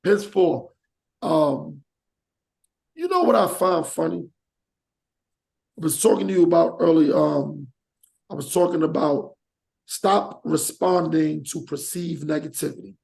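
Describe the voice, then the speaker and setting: A man's voice: fairly high pitch, unhurried, gravelly, long pauses. A man hosting a podcast in casual chat, ranting animatedly and acting out examples as he talks. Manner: animated, rants with acted-out examples. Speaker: podcast host.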